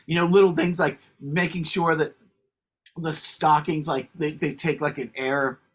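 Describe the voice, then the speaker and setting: Husky guy rambling on a podcast, laughs mid-story. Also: fairly high pitch, fairly even intonation, unhurried. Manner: rambling, laughs while telling stories. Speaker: podcast co-host. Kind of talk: casual chat.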